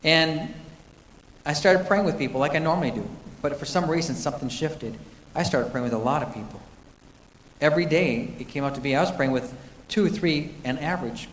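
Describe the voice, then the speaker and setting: A man's voice: a little high, slight background noise. A man sharing a personal faith testimony, telling it earnestly with frequent restarts. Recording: echoey hall from a distance.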